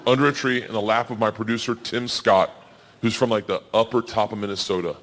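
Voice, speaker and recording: A man in his forties doing stand-up storytelling, loud and animated, yelling the quoted lines. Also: on the low side, a little fast, in a large hall. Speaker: stand-up comedian. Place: comedy stage.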